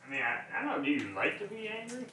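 A man's voice: high voice, very animated, fast, bright, forceful tone, slight background noise. A man streaming live and chatting casually, rambling, swearing offhand and chuckling between remarks. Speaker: livestream host. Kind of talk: casual chat. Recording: echoey room, mic at a distance.

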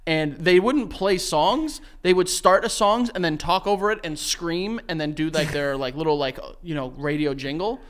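Brief: high-voiced New man, joking podcast co-host, rambling delivery. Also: normal speed, hardly any pauses. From New York. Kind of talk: casual podcast chat.

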